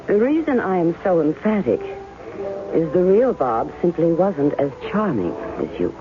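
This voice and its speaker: A cool, sharp-tongued skeptic. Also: female voice, fairly low pitch, very animated, moderate pace. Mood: guarded. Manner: cool, cutting. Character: guarded, sharp-tongued woman doubting a man who claims to be her husband. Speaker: radio drama actress. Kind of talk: 1970s radio drama acting. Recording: thin phone-like old radio broadcast with faint music.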